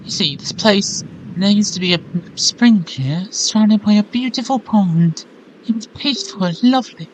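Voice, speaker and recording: A man's voice: high-pitched, lively intonation, moderate pace, a bit bright, lo-fi sound, slight background noise, voice pushed up. A man voicing an earnest, apologetic young bird-woman from a video game, reading her lines aloud in shifting mock accents. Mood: pleading.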